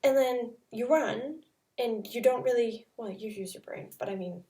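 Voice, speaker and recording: A woman's voice: on the high side, moderate pace, mellow, far from the mic. A young woman from Canada, telling a travel story in a casual, chatty way full of "like" fillers. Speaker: vlogger.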